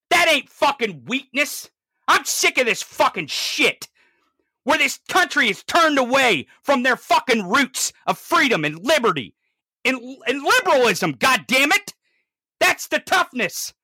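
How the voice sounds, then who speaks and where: Super bright tense voice, swearing nonstop in an angry political rant, dry close sound. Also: no room sound. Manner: profane, furious, swings from low growls to shouts. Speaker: political commentator.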